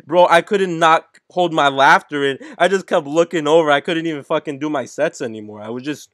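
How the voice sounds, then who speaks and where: A man's voice: a little high, brisk, a bit bright, no echo, clean studio sound. A young man in casual live-stream podcast chat on a headset, telling stories in a rambling, swearing way, full of "like" and "bro". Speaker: podcast co-host. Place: home setup, live stream.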